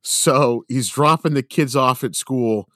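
A man's voice: mid-range voice, slow pace, a bit bright, no echo, studio quality. A man in casual chat on a podcast, rambling through a story with lots of fillers and swearing.

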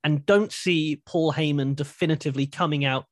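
A man's voice: a little high, steady tone, normal speed, dry recording, studio quality. A man co-hosting a podcast, chatting casually and animatedly, thinking aloud with frequent restarts. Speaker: podcast co-host. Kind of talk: casual wrestling chat.

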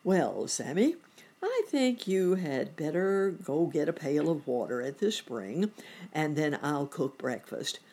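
A woman voicing a kindly, fussy old gentleman rabbit in a storybook reading. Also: deep voice, big pitch swings, slow pace, breathy edge, heavily acted. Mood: fond.

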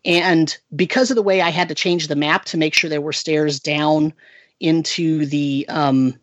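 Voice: mid-range voice, steady tone, a little slow, dry recording, highs cut off. A game master recounting a tabletop session in casual chat, rambling with frequent restarts and "right?" tag questions.

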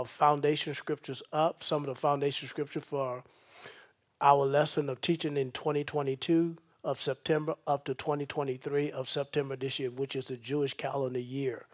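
A man's voice: fairly high pitch, a little mellow. A man preaching a sermon as pastor in a church, often checking in with "okay?" and "amen?" in a call-and-response style.

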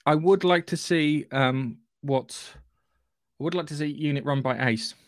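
A man's voice: fairly high pitch, measured pace, no echo. Nerdy man, dry sound. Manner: enthusiastic, nerdy, swearing. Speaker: podcast co-host. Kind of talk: casual podcast chat.

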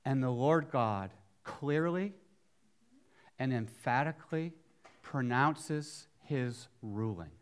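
A middle-aged male pastor preaching a sermon, swinging from near-whispers to loud emphatic bursts, with chatty asides and rhetorical questions. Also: medium pitch, expressive, slow pace, smooth.

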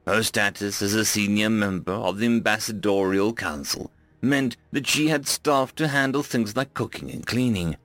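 A man narrating a science fiction story in an even, unhurried manner. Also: on the low side, no room sound. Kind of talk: audiobook narration.

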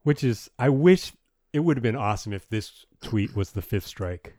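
Wry, low-voiced male podcast co-host. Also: animated, moderate pace, warm tone, no room sound, clean studio sound. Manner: wry, teasing quips. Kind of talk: casual chat.

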